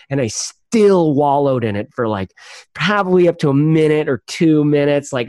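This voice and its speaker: A man's voice: medium pitch, darkish tone, dry recording. A man, a podcast guest, telling a long story in casual chat, rambling with many fillers and laughs.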